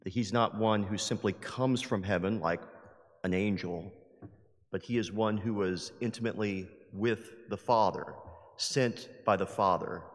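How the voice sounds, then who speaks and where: A man's voice: on the low side, a little slow. Emphatic preacher man in a reverberant church. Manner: lively, emphatic, acts out quoted voices. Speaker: priest. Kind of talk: sermon. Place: large church. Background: long hall reverb.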